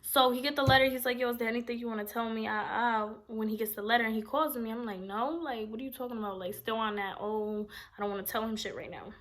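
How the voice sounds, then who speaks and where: A woman's voice: on the high side, steady tone, quick pace, hardly any pauses, a bit bright. A woman, telling a long personal story in a blunt, rambling, profane storytime vlog. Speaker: vlogger.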